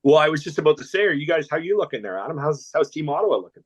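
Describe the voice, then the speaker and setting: A man's voice: a little high, very animated, very fast, breathy edge. A Canadian man telling rambling anecdotes on a podcast, with many restarts and laughs. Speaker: podcast guest. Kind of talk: casual storytelling chat.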